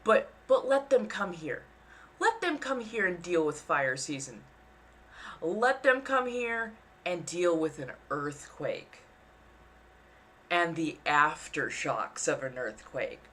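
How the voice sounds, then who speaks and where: A young woman from the US West Coast chatting casually on a livestream, quick and self-mocking, often slipping into exaggerated voices when she acts out other people. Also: lowish voice, lively intonation, fairly bright tone. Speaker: streamer.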